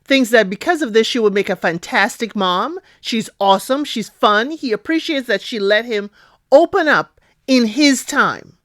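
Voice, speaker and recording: A woman recapping a reality show in a chatty, expressive way, often asking "okay?" and calling out to her listeners. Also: fairly high pitch, normal speed, no room sound, studio quality. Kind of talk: casual recap commentary.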